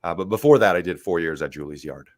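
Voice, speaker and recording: A man playing a mock-grandiose showman in a deadpan comic bit, boasting about his training. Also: sits low, quick pace, no room sound. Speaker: comedy performer.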